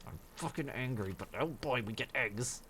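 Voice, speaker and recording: A man's voice: medium pitch, normal speed, sharp tone, a little hiss or hum. A man streaming a survival game, grumbling and swearing at his bad luck and mocking himself as he plays. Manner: grumbling, profane, self-mocking. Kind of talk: casual gameplay commentary.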